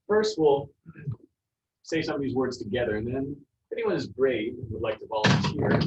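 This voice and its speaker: A male teacher talks his class through Spanish pronunciation, pausing often with ums and uhs. The recording is dull and lo-fi, with a faint hiss. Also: mid-range voice. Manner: relaxed, halting explanations with many fillers. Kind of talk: classroom lesson.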